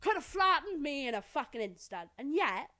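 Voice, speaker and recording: Swearing, animated woman storyteller. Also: high-pitched, normal speed. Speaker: podcast co-host. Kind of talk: casual chat.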